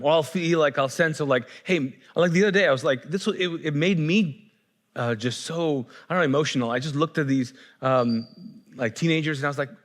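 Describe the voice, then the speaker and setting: Male pastor, fairly high voice, loose and conversational sermon delivery with mounting fervor. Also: a little fast. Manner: conversational, with frequent restarts and rising fervor.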